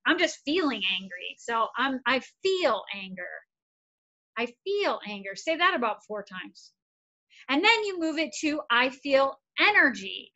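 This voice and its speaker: Bright, high-voiced woman therapist. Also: lo-fi sound. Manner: upbeat, repetitive, encouraging. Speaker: therapist giving a wellness workshop. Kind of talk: casual instructional talk.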